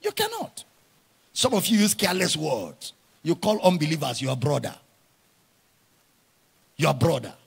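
A male pastor preaching a sermon, often shouting his lines and stretching words out for emphasis. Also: a little high, very animated, vocal fry, slightly rough. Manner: drawn-out emphatic phrasing.

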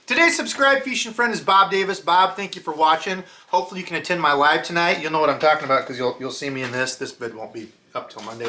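A man's voice: fairly high pitch, fast talker, hardly any pauses, background noise. A man hosting a fishing channel, narrating a casual cooking vlog in his home kitchen. He talks loosely and jokes as he cooks.

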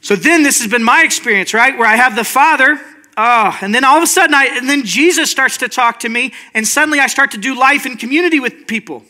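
With an extremely high, sharp voice and a quick pace, a man gives a casual, heartfelt sermon. He often pauses to check with his listeners, asking "right?"

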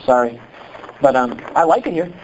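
A pastor from Iowa with a Midwestern accent, preaching a sermon in an animated, conversational way full of rhetorical questions. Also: male voice, medium pitch, normal speed, dull audio, slight background noise. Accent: Midwestern American.

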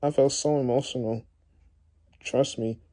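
A tearful young man talks straight to his viewers in a very dark, mellow voice. He stumbles and repeats himself constantly, restarting his sentences over and over. His pitch sits in an ordinary middle range. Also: fairly even intonation. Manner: halting, many repeated words and restarts. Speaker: YouTuber. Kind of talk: emotional vlog talk to viewers.

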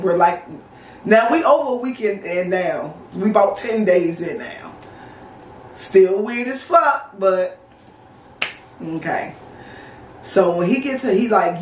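A woman's voice: mid-range voice, slight background noise. Woman, 30s, DC-area accent, casual storytime vlog, profane and blunt, roomy echo, mic at a distance. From Washington DC area. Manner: animated, profane and blunt, acts out dialogue. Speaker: vlogger.

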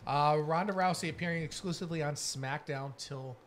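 A man hosting a wrestling podcast, relaxed and jokey, rambling with fillers. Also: a little high, fairly quick, slight background noise. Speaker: podcast host. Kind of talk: casual wrestling chat.

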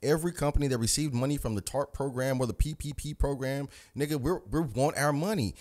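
A man's voice: medium pitch, darkish tone. A man delivering a fiery, profane political rant, preaching straight at the listener in a combative, commanding way. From United States. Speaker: channel host.

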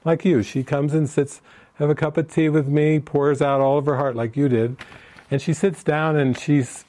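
A man leads a spiritual retreat session with a mellow, soft-edged voice. He answers participants' written questions and tells stories, acting out the lines of the people in them. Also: medium pitch. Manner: storytelling, acts out the people he quotes. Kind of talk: informal spiritual retreat talk.

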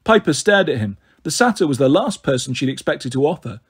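A man reading a novel aloud in a steady storytelling voice, giving the characters their own voices. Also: on the high side, fairly quick, slightly rough. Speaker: audiobook reader.

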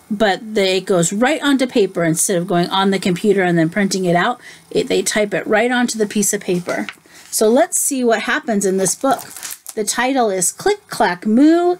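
A woman teacher reading a picture book aloud to children, slowly explaining and asking them questions. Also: medium pitch.

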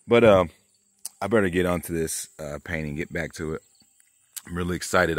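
Low-voiced man rambling, dry and close. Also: a bit bright, dry recording. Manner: rambling, profane, conspiratorial storytelling. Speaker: vlogger and painter. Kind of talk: rambling casual monologue to camera.

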